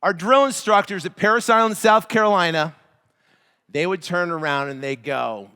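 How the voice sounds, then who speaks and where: A man giving a hyped motivational seminar speech to a live crowd, shouting chants. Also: high voice, lively intonation, brisk. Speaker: motivational speaker. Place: large event hall. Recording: reverberant hall.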